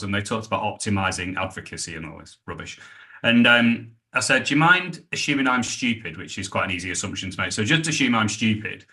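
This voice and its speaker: Man, British accent, middle-aged, sales trainer guest, bright tense tone, lively anecdotes. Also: lowish voice. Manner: animated anecdotes, acts out quoted dialogue. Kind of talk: podcast interview storytelling.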